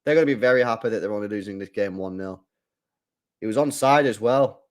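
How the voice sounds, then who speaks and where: A man's voice: fairly low pitch, quick pace. Chatty man doing live match commentary. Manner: chatty, swings from mumbling to excited shouting; reads out viewer comments. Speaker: live stream host.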